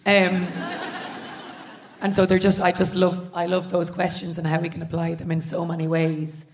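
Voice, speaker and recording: Lower-voiced woman telling stories on stage. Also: a little hiss or hum. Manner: quick, animated storytelling. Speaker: co-host. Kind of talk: live stage podcast talk. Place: large hall with live audience.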